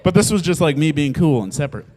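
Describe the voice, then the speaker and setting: Animated man telling a comic story. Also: a little high, fast. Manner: animated, laughs often, acts out quotes. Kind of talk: live comedic storytelling.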